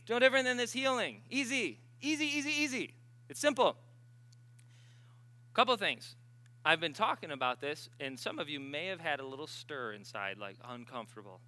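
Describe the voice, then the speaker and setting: A man preaching a sermon in a conversational, emphatic way, swinging between loud and hushed and acting out the voices he quotes. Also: a little high. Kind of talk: sermon with storytelling.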